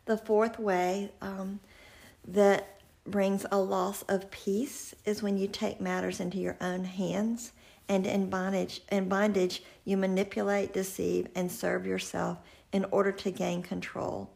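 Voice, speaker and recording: Woman, gravelly and husky, earnest devotional teacher who drops to whispers. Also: medium pitch, little pitch movement, measured pace. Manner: earnest, slips into soft whispers. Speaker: Christian speaker.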